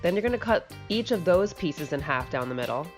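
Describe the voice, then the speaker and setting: A woman hosts a home-cooking video, talking casually and brightly with loose fillers as she explains a recipe. Her voice sits a bit low for a woman. Soft music plays faintly underneath. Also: lively intonation, fairly quick. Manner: chatty and upbeat, with casual fillers. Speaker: cooking channel host.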